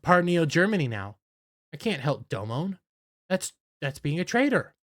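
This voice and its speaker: A man's voice: fairly high pitch, big pitch swings, normal speed, fairly bright tone. A man doing a hesitant young woman pilot. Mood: resigned. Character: stubborn young woman pilot, torn loyalty.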